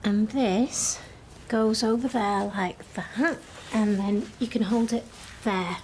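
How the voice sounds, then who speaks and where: An actress playing a nosy bride-to-be who coaxes a friend in a brisk way. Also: female voice, medium pitch, darkish tone, slight background noise, close to an everyday voice. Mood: coaxing.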